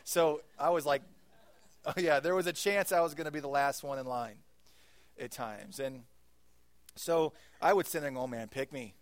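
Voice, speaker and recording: A man's voice: on the high side, normal speed, long pauses, no room sound. Pastor, male, earnest sermon delivery with dramatic dynamics, tenor-leaning voice, dry close mic. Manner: earnest, dramatic swings from hushed to emphatic.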